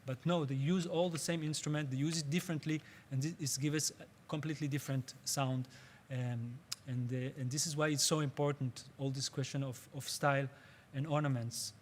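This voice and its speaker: Male workshop teacher, slightly raised pitch, patient and halting, searching for English words. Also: fairly even intonation, a little hiss or hum. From Israel. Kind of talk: spoken workshop lecture.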